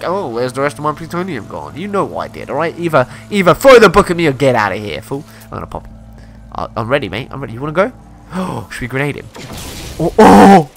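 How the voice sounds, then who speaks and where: A young man giving excitable let's-play commentary, exclaiming and laughing often as he plays. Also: on the high side. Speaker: gaming YouTuber.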